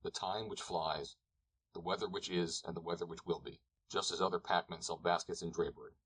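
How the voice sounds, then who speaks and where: A man narrates an audiobook in a calm, even reading. His voice sits very low and has a husky edge. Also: fairly quick, rough recording. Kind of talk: scripted narration.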